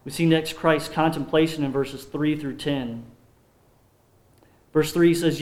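A man preaching a sermon as pastor, earnest and measured, often dropping his voice low on solemn points. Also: steady tone, darkish tone. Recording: roomy echo.

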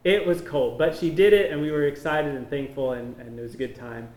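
A missionary man giving an informal slideshow talk, explaining each photo in a relaxed, conversational way. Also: fairly high pitch, brisk. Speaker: missionary presenting to a church. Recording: echoey room.

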